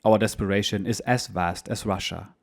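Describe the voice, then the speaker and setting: A man with a fairly low voice reads a first-person war memoir, steady and measured. Between the readings he speaks as the channel's host in the same even manner. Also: gravelly.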